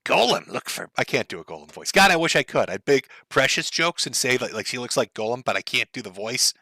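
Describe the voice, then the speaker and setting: A man's voice: medium pitch, very animated, brisk, sharp tone, no echo. A man streaming live, giving profane, mocking commentary over clips.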